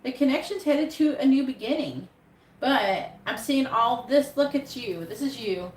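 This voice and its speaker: A woman reads tarot live in an unhurried, animated, high-pitched voice. Expect swearing and blunt pep-talk energy, with echo and faint background noise in the room.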